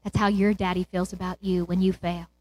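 A woman's voice: lowish voice, level tone, brisk, a little mellow, slight background noise. A middle-aged woman preaching a sermon, retelling a parable with impassioned swells and cries of praise.

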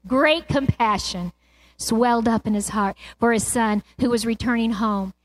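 Woman preacher, middle-aged, slow and fervent sermon delivery, rising into praise, fairly high voice. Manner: impassioned, swelling pitch with praise exclamations. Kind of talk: sermon retelling a parable.

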